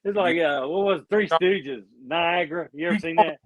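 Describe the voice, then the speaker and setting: A man's voice: fairly high pitch, normal speed, no room sound, low-quality recording. Male co-host, blunt and profane, dry close recording. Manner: questioning, opinionated, profane. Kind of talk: casual profane banter.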